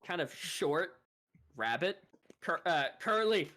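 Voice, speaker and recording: A man runs a tabletop game with a playful, bright voice. His pitch swings widely as he narrates. He sounds like he is speaking into a desk mic on voice chat. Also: animated, measured pace. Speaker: game master.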